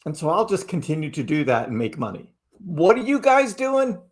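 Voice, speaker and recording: A man's voice: a little high, big pitch swings, normal speed. A man hosting a casual livestream, chatting loosely and often tagging his points with "right?". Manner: chatty, keeps asking "right?". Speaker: crypto livestream host.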